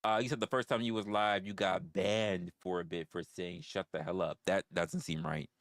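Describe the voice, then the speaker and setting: A man's voice: deep voice, fairly even intonation, normal speed, a bit bright, dry recording, studio quality. A man hosting a livestream in casual chat with viewers, blunt and profane, often stammering and restarting his phrases. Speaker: livestream host.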